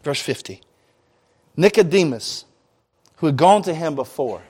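High-voiced male preacher, conversational. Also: animated, unhurried, a little mellow, slightly rough. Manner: conversational, with casual slang asides. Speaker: pastor. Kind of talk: sermon.

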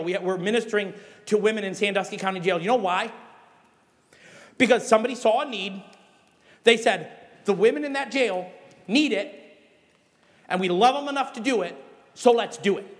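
A man's voice: high-pitched, big-room sound. A man preaching a sermon as a pastor, telling stories and urging his congregation to act. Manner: animated storytelling with emphatic exhortations.

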